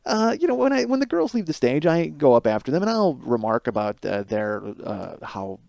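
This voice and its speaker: A man's voice: on the high side, sing-song, moderate pace, gravelly, darkish tone, no room sound. A man in his thirties hosting a solo comedic monologue, telling a rambling, profane story and laughing between lines. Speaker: podcast host.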